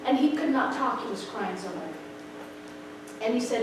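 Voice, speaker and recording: A middle-aged woman shares her testimony in a high, sing-song voice that swoops up and down as she acts out each moment. She sounds far from the mic, in an echoey room with steady background noise. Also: normal speed. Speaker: speaker sharing a personal testimony. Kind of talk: animated storytelling testimony.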